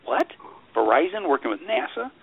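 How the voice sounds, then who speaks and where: A man talking as a guest in a radio interview. He speaks in an animated way, repeats himself often, and mocks other views in sarcastic put-on quotes. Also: on the high side, moderate pace, vocal fry, slightly rough, dry recording. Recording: tinny phone line, dry.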